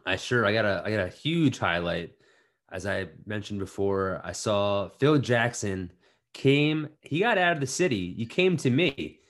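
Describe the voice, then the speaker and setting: A young man co-hosting a podcast, joking around in casual chat and riffing bits with quick restarts. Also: on the low side, animated. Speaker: podcast co-host.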